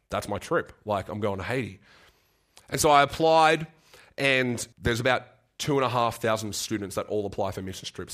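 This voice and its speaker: A young man preaching a sermon and telling a personal story, earnest and halting, often repeating words and getting choked up. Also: medium pitch, pushed and bright. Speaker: guest preacher.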